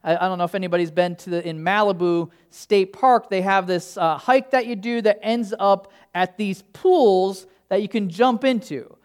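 A man's voice: high voice, moderate pace, few pauses, clean tone. Casual, humorous male pastor preaching. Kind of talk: sermon with personal storytelling.

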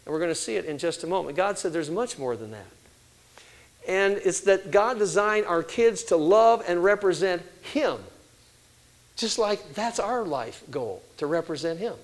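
An older man preaching a sermon, telling family stories and acting out quoted voices with animated delivery. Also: sits high, normal speed, low-quality recording.

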